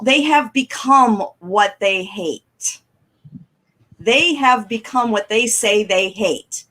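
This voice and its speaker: A middle-aged woman, telling animated stories on a talk show and acting out the people she quotes. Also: fairly high pitch. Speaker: guest caller. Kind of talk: casual storytelling on a talk show.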